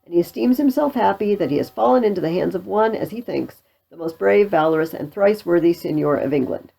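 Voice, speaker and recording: A woman reading the lines of a clever young servant boy in a play, in a quick, plain voice. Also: lowish voice, lively intonation, gravelly, warm tone, poor audio. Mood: explaining.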